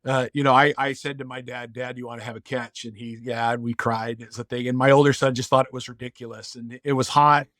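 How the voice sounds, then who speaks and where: A man's voice: mid-range voice, level tone, a little fast, hardly any pauses, dry recording, clean studio sound. A man in his fifties, a podcast guest, telling reflective family stories in casual conversation. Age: 50s. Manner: earnest storyteller, warm and reflective.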